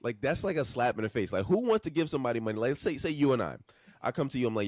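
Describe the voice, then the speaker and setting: A man's voice: medium pitch, very fast, dry recording, studio quality. A man co-hosting a podcast, talking in casual slang and acting out hypothetical exchanges. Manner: animated slangy talk, acts out hypotheticals. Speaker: podcast co-host.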